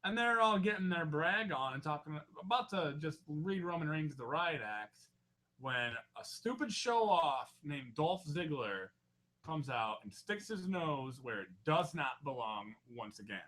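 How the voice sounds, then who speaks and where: A man hosting a casual wrestling podcast, loud and joking, swearing freely as he recaps matches. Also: fairly high pitch, animated, measured pace. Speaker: podcast host.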